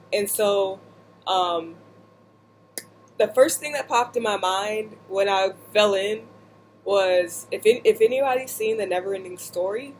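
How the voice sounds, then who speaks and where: A woman vlogger seated indoors, casually telling a story in an animated, joking way with lots of asides. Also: medium pitch, slight background noise, poor audio.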